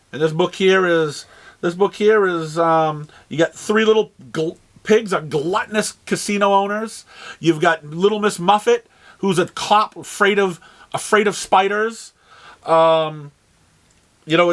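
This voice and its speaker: A comic shop host with a New England accent and a high, fairly bright voice casually runs through the store's new arrivals. He rambles, trails off and starts phrases over, dropping plenty of ums along the way.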